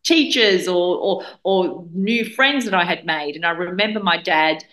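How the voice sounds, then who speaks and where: A woman's voice: lowish voice, a little slow, fairly bright tone. A woman in her forties who grew up in Australia, a guest telling a personal story in an earnest way, often restarting her sentences. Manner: earnest, with frequent restarts and fillers. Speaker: guest speaker. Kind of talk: reflective storytelling in conversation. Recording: roomy echo.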